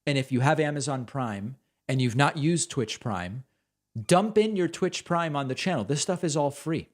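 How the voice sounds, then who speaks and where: A man's voice: mid-range voice, expressive, moderate pace. A man hosting a live stream, chatting casually and rambling as he reads out supporter names. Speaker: host. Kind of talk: casual livestream chat.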